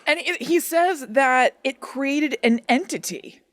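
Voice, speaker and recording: A woman co-hosting a podcast, talking in a casual, animated and incredulous way. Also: high-pitched, slow pace, no room sound. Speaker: podcast co-host. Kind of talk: casual chat.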